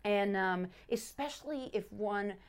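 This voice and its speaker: With a clear, resonant, medium-pitched voice and a measured pace, a middle-aged woman who is a pastor's wife explains a Bible study method on a faith podcast she co-hosts. The teaching is casual but earnest, full of restarts and verses repeated with stress on each word.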